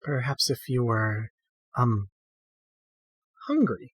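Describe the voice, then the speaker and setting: A man voicing a flustered, eager young woman attendant in a tabletop game, speaking in halting, hesitant phrases. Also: mid-range voice, fairly bright tone, slightly rough, dry recording.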